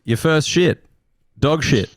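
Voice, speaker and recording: A man's voice: fairly high pitch, animated, slow, very noisy. A man with an Australian accent co-hosting a podcast, quizzing his co-host with jokes and plenty of swearing. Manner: joking, profane, quizzing. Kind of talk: casual comedic chat.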